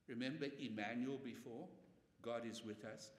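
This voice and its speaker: A man's voice: medium pitch, normal speed. A man, a priest, giving a conversational Bible lecture and often tagging his points with "eh?". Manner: animated, conversational, tag questions with "eh". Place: church or parish hall. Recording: echoey hall from far off.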